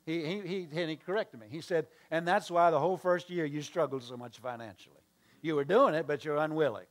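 A man preaches from the pulpit, his voice pitched a little higher than most men's, telling a sermon story at a fairly quick pace. He acts out both sides of the conversation and breaks off to toss questions and asides to the congregation, call-and-response style.

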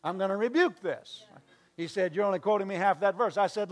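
Speaking a little fast, a preacher with a slightly higher-than-average male voice tells a story from the pulpit by playing both sides of a conversation. He breaks in with questions and call-and-response asides to the congregation.

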